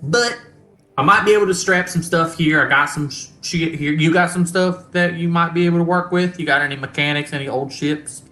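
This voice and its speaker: A game master voicing a crude, gruff male starship mechanic who guards a classic ship and talks bluntly with folksy grammar. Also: mid-range voice, fairly quick, sharp tone, echoey room, close to an everyday voice. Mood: defensive. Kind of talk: tabletop role-play, game master voicing a character.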